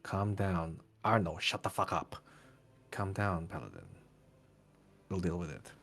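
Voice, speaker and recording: A man's voice: sits low, expressive, rapid-fire, gravelly, warm tone, exaggerated voice. A man voicing a blunt, impatient male companion who talks brusquely and swears.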